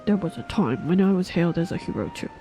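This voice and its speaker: A grave old knight, solemn and weighed down with regret, as a woman puts on his voice and pulls her pitch down low for a game reading. He tells his tale slowly and heavily. Soft music plays faintly behind him. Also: animated, low-quality recording.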